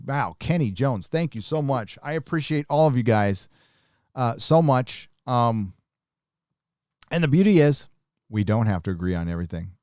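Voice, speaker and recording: A man's voice: mid-range voice, expressive, moderate pace, a little mellow, no room sound, studio quality. A man hosting a live stream, chatting casually and reading viewer comments in a blunt, profane, rambling way.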